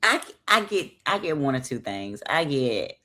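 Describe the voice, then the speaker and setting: A woman in her late thirties with a Southern US accent tells her stories with sass, in a low voice that swoops up and down with lively energy. She talks casually as a guest in an interview, throwing attitude into every aside. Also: measured pace. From American South. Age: 30s. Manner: sassy, animated storytelling. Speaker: guest, bodybuilding competitor.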